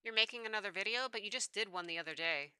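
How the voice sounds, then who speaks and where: A woman's voice: medium pitch, fast talker, bright, forceful tone, clear, resonant tone, dry recording. A woman reading as a teasing young mother. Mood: affectionate.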